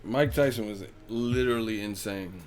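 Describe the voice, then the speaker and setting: A man's voice: lowish voice, normal speed, darkish tone, slight background noise. A man hosting a live stream, chatting casually, joking, swearing and laughing a lot.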